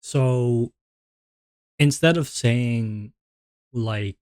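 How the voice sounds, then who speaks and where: A man streaming from home, thinking out loud in a rambling way with many fillers and restarts, and a little out of breath. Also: medium pitch, drawn-out words, no room sound, clean studio sound. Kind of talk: casual stream chat.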